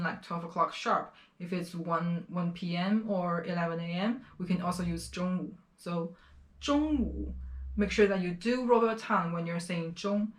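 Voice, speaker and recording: A woman from China teaching a beginner Chinese lesson, explaining words slowly and repeating each pronunciation several times. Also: lowish voice, roomy sound. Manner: slow, careful explanations with repeated pronunciation drills.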